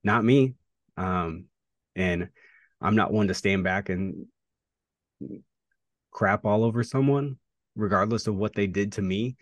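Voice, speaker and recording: A man, a pro wrestler, talking through a rivalry in a casual interview, reflective and halting with fillers and restarts. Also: on the low side, no room sound.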